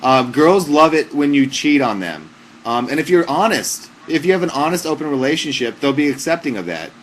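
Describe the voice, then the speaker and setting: A young man hosting a live stream, handing out mock-serious joke advice in a casual, deadpan way with lots of fillers. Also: a little high, fairly quick, slight background noise. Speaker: livestream host giving joke advice. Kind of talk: casual comic livestream chat.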